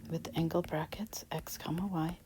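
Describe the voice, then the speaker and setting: A woman teaching a math lesson, talking softly and half-whispered with a breathy voice while she writes. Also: low voice, steady tone, normal speed, slight background noise, poor audio. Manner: soft, half-whispered explaining while writing. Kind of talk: recorded math lecture.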